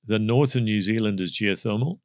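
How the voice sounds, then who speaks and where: A middle-aged man with a South African accent, speaking as an energy expert in a podcast interview, measured and explanatory with frequent fillers. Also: lowish voice, no echo, clean studio sound.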